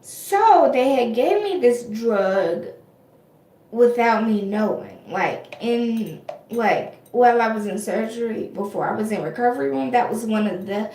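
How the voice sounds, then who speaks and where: A woman's voice: fairly high pitch, animated, slow pace, a little mellow, a little hiss or hum. A young adult woman vlogger telling a personal story in a chatty, casual way, with many fillers and restarts. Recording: echoey room.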